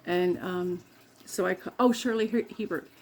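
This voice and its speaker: A woman's voice: lowish voice, normal speed. A woman vlogger chatting casually and rambling, with frequent laughs and self-corrections, while doing her makeup.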